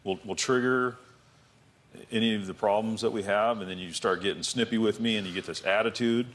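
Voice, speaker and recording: Halting, stammering husband on a talk show. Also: male voice, fairly low pitch, fairly even intonation, fairly bright tone. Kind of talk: heated marital argument.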